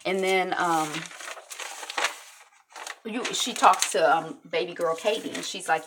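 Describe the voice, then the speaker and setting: A woman recapping a TV episode in a casual vlog. She chats loosely with lots of likes and ums. Her voice sits fairly low but sounds bright, with a gravelly crackle. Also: takes it slowly, pauses often. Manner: chatty, full of likes and ums.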